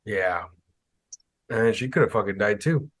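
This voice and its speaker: Young guy hosting a podcast, kinda low voice, chatty, does voices when he tells stories. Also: a little slow, no echo. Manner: animated storytelling, mimics people in higher voices. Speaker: podcast host. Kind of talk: casual chat.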